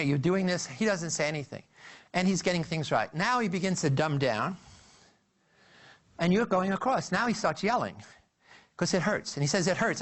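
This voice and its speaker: A man giving a psychology lecture, telling the story in an animated way with frequent restarts and fillers. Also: high-pitched. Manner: animated storytelling, addresses listeners as "you".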